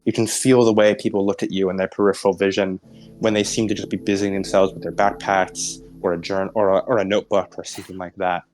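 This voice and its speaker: A man with a lowish voice narrates scenes as game master of a tabletop game, pausing and restarting as he searches for words. Faint music plays underneath. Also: little pitch movement, darkish tone. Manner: descriptive, halting, many restarts and fillers.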